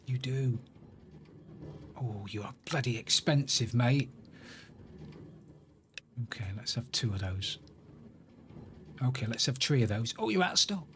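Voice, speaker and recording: A man's voice: medium pitch, expressive, a little slow, long pauses, fairly bright tone, a little hiss or hum. A man chatting casually on a live game stream, rambling to himself and greeting viewers by name. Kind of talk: casual live-stream chat while playing.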